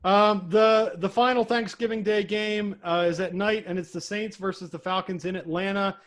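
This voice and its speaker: A young man with a notably high voice co-hosts a casual sports podcast. He moves the talk along through game picks and laughs easily between points. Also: steady tone, moderate pace, a bit bright. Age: young adult. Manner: laughs often, runs the picks. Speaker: co-host.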